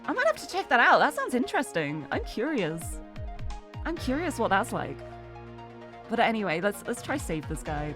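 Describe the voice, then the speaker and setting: A woman's voice: on the high side, wildly swooping pitch, moderate pace, over music. A British woman chatting casually and giggling while streaming a video game. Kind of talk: casual gameplay commentary.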